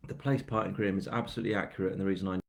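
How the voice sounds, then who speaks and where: A British man with a deep, low voice, chatting loosely through a live stream. He rambles and fills gaps with ums, and pokes fun at himself. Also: fairly even intonation, rapid-fire, vocal fry. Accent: British English. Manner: rambling, chatty, self-mocking, with many fillers. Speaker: crime novelist hosting a live book launch. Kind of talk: casual live-stream chat.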